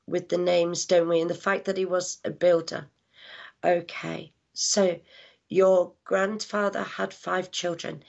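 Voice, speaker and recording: A woman working as a psychic medium, giving a live reading with halting speech, lots of fillers, hushed asides and affectionate words like darling. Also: fairly low pitch, gravelly. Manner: affectionate, calls people darling and my lovely. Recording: dull lo-fi sound.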